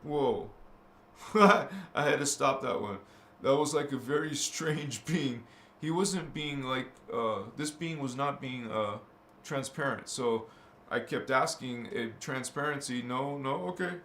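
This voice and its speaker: A man hosting a spiritual livestream, talking in a gentle, earnest, halting way to his viewers. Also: mid-range voice, roomy sound, slight background noise. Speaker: livestream host.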